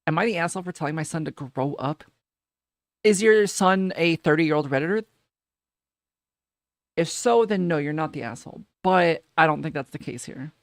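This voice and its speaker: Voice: mid-range voice, lively intonation, moderate pace, pauses often, no echo, clean studio sound. A streamer in casual reaction commentary, reading posts aloud and ranting about them in a profane, incredulous way with lots of repeated phrases.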